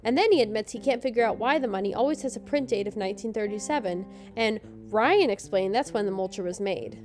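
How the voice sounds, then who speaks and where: A woman's voice: mid-range voice, animated, quick pace, darkish tone, faint music behind. A woman co-hosting a podcast, giving a sarcastic, joking recap of a TV episode. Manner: sarcastic, snarky commentary. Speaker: podcast co-host.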